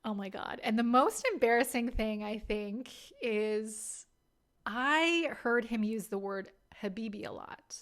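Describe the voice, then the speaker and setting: A woman's voice: on the high side, measured pace, fairly bright tone. A woman in her thirties hosting a podcast, telling candid and self-deprecating stories in a casual way and laughing often. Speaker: podcast host. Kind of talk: casual storytelling monologue.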